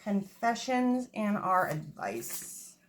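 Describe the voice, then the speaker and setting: A woman's voice: mid-range voice, big pitch swings, takes it slowly. A woman giving a casual tarot reading, chatty and self-mocking, swearing freely, recorded on a phone. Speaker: tarot reader. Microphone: phone camera.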